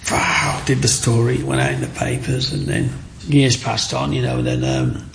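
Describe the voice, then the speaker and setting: A man's voice: mid-range voice, sing-song, normal speed, creaky, slight background noise. A man, an interview guest telling his life story and acting out the people in it. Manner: acts out the people in his stories. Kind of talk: personal storytelling.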